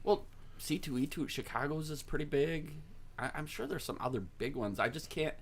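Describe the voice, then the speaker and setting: A man's voice: fairly high pitch, fairly quick, slight background noise. A man co-hosting a podcast, telling a rambling story in casual chat and laughing often. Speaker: podcast co-host.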